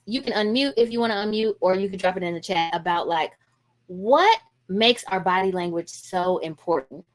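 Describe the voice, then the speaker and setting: A middle-aged woman counselor leading a parenting workshop over a video call, talking casually and acting out what parents say. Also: lowish voice. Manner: lively and conversational, acting out parents' lines.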